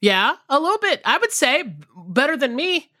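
A woman from the Southern United States co-hosting a podcast, chatting casually and reading listener letters in a relaxed, even way. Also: sits high, normal speed, no room sound, studio quality. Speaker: podcast co-host.

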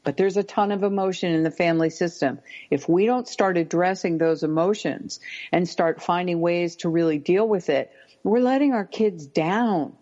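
A woman talks with earnest emphasis as a parenting expert, her sentences sometimes restarting mid-thought. Her voice sits a little low. The recording is muffled and lo-fi. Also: normal speed, warm tone. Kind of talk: conversational podcast talk. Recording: dull lo-fi recording.

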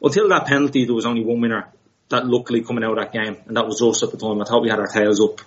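Male co-host, mid pitch, measured reasoning, slightly dull recording. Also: steady tone. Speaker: podcast co-host. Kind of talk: casual football chat. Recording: slightly muffled sound.

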